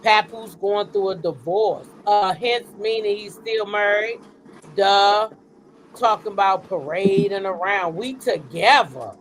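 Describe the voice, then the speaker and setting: A woman's voice: mid-range voice, slow pace, a little hiss or hum. A woman co-hosting a casual gossip show, blunt and profane, acting out what others said. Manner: blunt and profane, acts out quotes in a sassy voice. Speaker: co-host.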